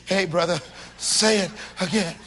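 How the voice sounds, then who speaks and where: A man preaching a sermon to a live congregation, swinging from shouts to low confiding tones and acting out little dialogues in different voices. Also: measured pace. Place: church hall with a congregation.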